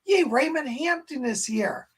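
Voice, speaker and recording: A man hosting a live stream as a psychic medium, hoarse and clearing his throat, greeting viewers with exuberant casual chat and calling himself by name. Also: very high voice, expressive, unhurried, background noise. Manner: exuberant, calls himself by name in the third person.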